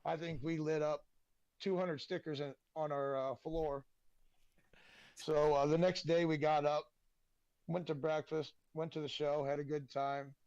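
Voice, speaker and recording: A man, a podcast guest telling casual, animated stories and swearing freely. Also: fairly high pitch, unhurried, no echo, highs cut off. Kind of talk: casual storytelling.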